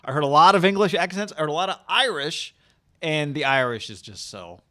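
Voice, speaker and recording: Male podcast host, casual sports banter, chatty and upbeat, halting restarts. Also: fairly high pitch, animated, sharp tone. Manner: upbeat, chatty, repeats words when starting.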